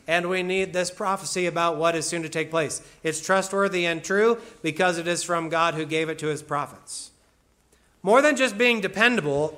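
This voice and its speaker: A man delivers a sermon in a high, bright voice. He explains each point with emphasis and slips into casual asides. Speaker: pastor.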